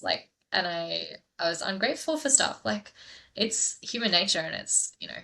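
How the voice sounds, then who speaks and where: Brief: woman podcast host, low pitch, fry in the voice, encouraging. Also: expressive, normal speed, bright, forceful tone. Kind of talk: casual podcast chat.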